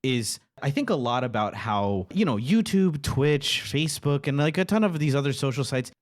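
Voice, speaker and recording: A man's voice: medium pitch, animated, moderate pace. A man co-hosting a comedy podcast, ranting animatedly and laughing often. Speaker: podcast co-host. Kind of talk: casual comedy podcast chat.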